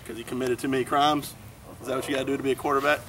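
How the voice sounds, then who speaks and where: A man's voice: mid-range voice, little pitch movement, very fast, fairly bright tone, a little hiss or hum, low-quality recording. A young man, teasing and mock-scolding as he trash-talks a rival team. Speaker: college football fan. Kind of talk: comedic trash talk.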